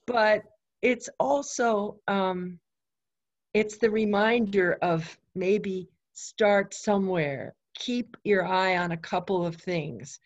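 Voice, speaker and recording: A woman's voice: medium pitch, takes it slowly. A woman in a casual church discussion, reflective and thoughtful, heard on muffled lo-fi video call audio.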